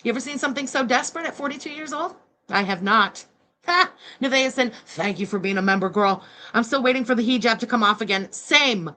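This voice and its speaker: A woman's voice: on the high side, bright, forceful tone. A woman hosting a reaction livestream, giving blunt, sarcastic, scornful commentary. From Canada. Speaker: commentary channel host.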